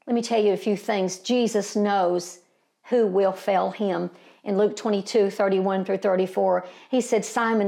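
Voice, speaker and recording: Older woman preacher, gravelly voice, impassioned folksy sermon with emphatic peaks. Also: darkish tone. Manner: impassioned, rising to emphatic peaks then dropping low; homespun and folksy, addresses listeners as beloved and family.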